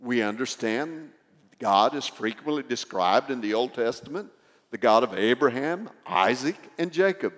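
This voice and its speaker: A man preaching a sermon, explaining a scripture passage in an animated storytelling manner. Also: medium pitch, moderate pace. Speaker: pastor. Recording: echoey hall with long reverb.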